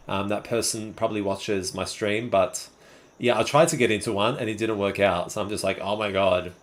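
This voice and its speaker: Aussie guy from sydney, 20s or 30s, chilling on a livestream, easygoing chat with his viewers. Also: fairly low pitch. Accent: Australian, Sydney. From Australia. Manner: relaxed, chatty, answers chat messages one by one. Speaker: livestream host. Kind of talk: casual live-stream chat with viewers.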